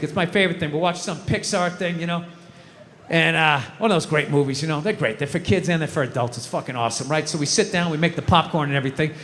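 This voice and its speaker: A man's voice: high-pitched, pushed and bright, a little hiss or hum. A middle-aged man doing a stand-up comedy routine on a stage, ranting in exasperation, swearing and acting out scenes. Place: comedy stage in a large venue. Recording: live hall reverb, faint crowd ambience.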